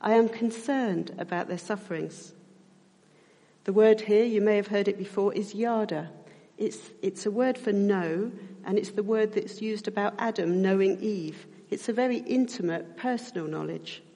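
A middle-aged woman preaching a sermon in a church. She speaks reflectively and slows down to stress key points. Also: medium pitch, dark tone. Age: middle-aged or older. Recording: church hall reverb.

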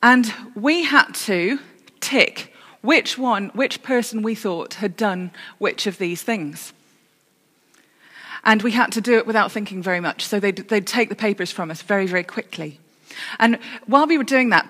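A woman's voice: mid-range voice, unhurried, fairly bright tone. Woman preaching in a reverberant church. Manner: storytelling with self-corrections and dry humour. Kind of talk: sermon.

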